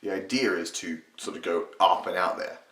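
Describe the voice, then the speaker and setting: A young man talks through a casual tutorial in a low, deep voice. He rambles, swears and restarts his sentences, and the room around him echoes. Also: moderate pace, fairly bright tone. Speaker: channel host teaching impressions.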